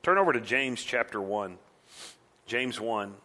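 Guy preaching a sermon, bright ringing voice, acts out mocking voices now and then. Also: medium pitch, a little slow. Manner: animated, mimics mocking voices. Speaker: pastor.

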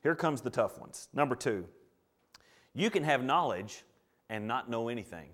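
A middle-aged man preaching a sermon, swinging from loud bursts to hushed asides and acting out the quotes he tells. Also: medium pitch, expressive, normal speed.

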